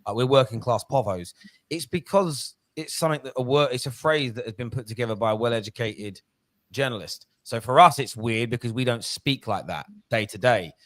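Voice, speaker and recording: A man's voice: medium pitch, fairly quick, fairly bright tone, dry recording. Ranting, sweary man on a podcast. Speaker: podcast host. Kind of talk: casual football podcast chat.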